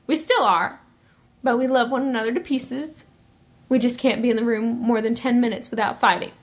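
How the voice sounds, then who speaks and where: Chatty young woman, slightly high voice. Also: steady tone, normal speed. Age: 20s. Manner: chatty, laughs often, rambling asides. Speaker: podcast host. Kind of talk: casual solo podcast monologue.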